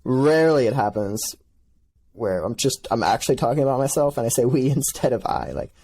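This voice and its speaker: A man's voice: mid-range voice, fairly quick, darkish tone. A man hosting a casual interview, easygoing and reflective, thinking aloud. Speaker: interview host.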